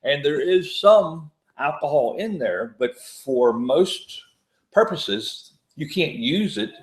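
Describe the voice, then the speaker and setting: A man's voice: on the high side, expressive, slow. A man co-hosting a casual beer podcast, easygoing, chiming in with short agreements. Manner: brief agreeing interjections, easygoing. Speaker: podcast co-host. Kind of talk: casual chat. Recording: echoey room.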